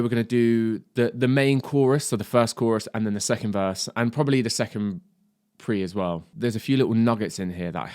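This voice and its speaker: A man's voice: fairly low pitch, no echo, studio quality. A man teaching drums in a casual video lesson, chatty and swearing, often saying "mate" and "do you know what I mean". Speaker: drum teacher.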